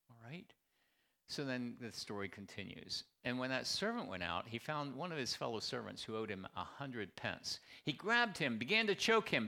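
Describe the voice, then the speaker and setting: Male pastor mid-sermon, lively swinging delivery, sharp bright tone, emphatic and repetitive. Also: medium pitch, unhurried, creaky. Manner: animated preaching, rhetorical questions, emphatic repetition.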